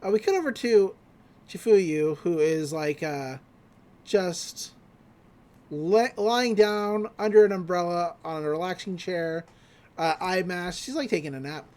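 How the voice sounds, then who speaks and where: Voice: mid-range voice, a little slow, darkish tone. A podcast host rambles through a scene-by-scene anime recap. The delivery is loose and chatty, with frequent fillers and casual swearing. It sounds like friends talking rather than a scripted show.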